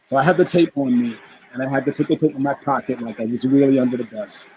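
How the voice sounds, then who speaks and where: A man's voice: mid-range voice, fast, a little hiss or hum, low-quality recording. A man from the Bronx, a guest musician telling a story in a casual interview and acting out the quoted voices. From the Bronx, New York. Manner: animated anecdote teller who acts out quoted voices.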